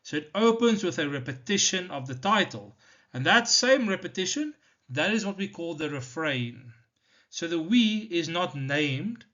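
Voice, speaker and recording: A male teacher from South Africa explaining a poem in a deliberate, step-by-step lesson, with many "so" and "now" turns. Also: on the high side, bright, forceful tone. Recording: slightly dull lo-fi recording.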